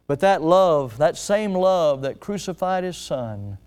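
A man preaching a sermon at an evening church service. He tells a story dramatically, swelling loud and then dropping soft, and slows down to stress key words. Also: on the high side, expressive, smooth. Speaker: pastor.

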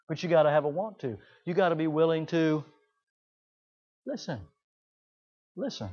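Man, high voice, animated sermon delivery, muffled lo-fi sound. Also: moderate pace, long pauses. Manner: animated preaching, mimics quoted people in high voices. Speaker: pastor.

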